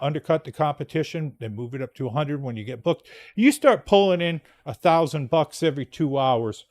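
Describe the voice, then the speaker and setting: A man's voice: fairly high pitch, darkish tone. A male podcast host telling a story in a casual, rambling monologue, blunt and swearing freely.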